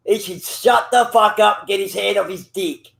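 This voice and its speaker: A man's voice: high-pitched, normal speed, vocal fry, a bit bright. A man in casual banter with a friend over voice chat, rambling and teasing, swearing constantly. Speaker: gamer chatting with a friend.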